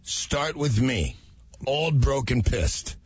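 Man, husky voice, lowish pitch, animated storyteller, dry dull radio sound. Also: slow pace, dry recording. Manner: animated storyteller, acts out quotes. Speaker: radio co-host. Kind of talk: casual radio banter and storytelling. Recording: dull lo-fi radio broadcast audio.

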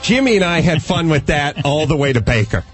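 A man hosting a talk radio show, telling a long comic story in a rambling, animated way. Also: on the high side, a little fast, soft background music. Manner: animated, rambling, acts out quotes.

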